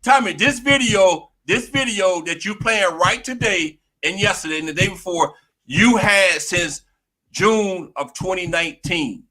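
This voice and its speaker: A man's voice: sits high, a little slow, sharp tone. Insistent man repeating his point. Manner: keeps interrupting by repeating the other man's name; insistent, pressing questions. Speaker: channel host. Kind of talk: heated live debate.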